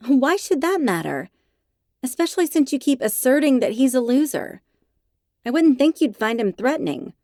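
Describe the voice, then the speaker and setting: Woman playing exasperated young woman, indignant, pleading, pitched up, dry close sound. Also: animated, moderate pace, dark tone, no room sound, lightly acted. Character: exasperated young woman arguing with her boyfriend.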